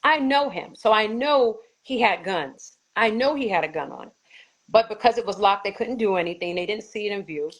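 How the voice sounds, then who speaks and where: A woman with a New York accent, a guest telling a personal story in an animated way, acting out others' voices and swearing. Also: medium pitch, normal speed, poor audio.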